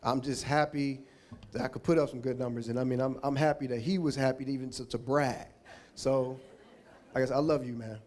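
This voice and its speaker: A man's voice: medium pitch, fairly even intonation, fairly quick, a little mellow. Emotional man giving a heartfelt award speech. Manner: emotional, rambling, thanking people one by one. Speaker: Hall of Fame inductee giving an acceptance speech.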